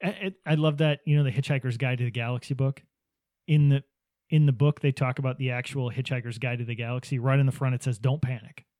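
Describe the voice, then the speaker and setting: Casting: man, mid-pitched mellow voice, storyteller who quotes others, dry close sound. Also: steady tone, quick pace, no echo. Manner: anecdotal, laughs easily, acts out quotes. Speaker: podcast host, business owner. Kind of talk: casual chat, storytelling.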